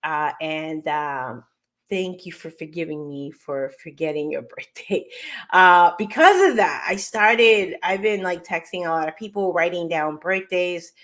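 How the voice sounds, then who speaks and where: A woman's voice: lowish voice, a little slow, fairly bright tone. Female host from New York, upbeat and self-deprecating, loose chatty delivery. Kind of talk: casual live show chat.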